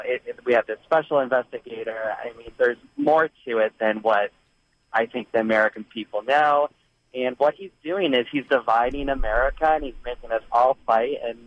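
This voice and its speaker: A man's voice: medium pitch, normal speed, no echo. A man calling in to a radio talk show, giving his opinion in an earnest, conversational way. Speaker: caller. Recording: dull phone-in line.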